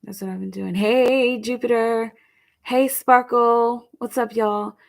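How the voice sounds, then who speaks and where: A young woman doing a live tarot reading, chatty and rambling, who murmurs softly while she shuffles the cards. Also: on the high side, steady tone, takes it slowly, creaky. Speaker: tarot reader.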